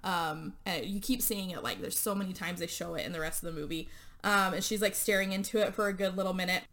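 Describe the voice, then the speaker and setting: A woman's voice: lowish voice, quick pace, a bit bright. A woman co-hosting a podcast, recapping a movie plot in casual chat, rambling along with lots of fillers and laughing as she goes. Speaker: podcast co-host.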